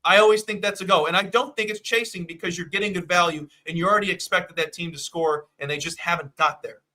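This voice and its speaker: A man hosting a sports betting show, talking in a hyped, jokey, fast-riffing way. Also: high-pitched, fairly even intonation, bright, forceful tone. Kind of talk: casual sports betting chat.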